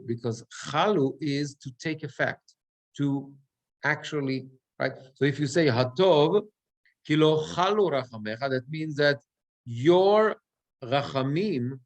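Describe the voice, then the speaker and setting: A middle-aged man teaching prayer chant as a cantor, explaining step by step and breaking into short chanted phrases. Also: medium pitch. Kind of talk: relaxed class explanation with sung examples.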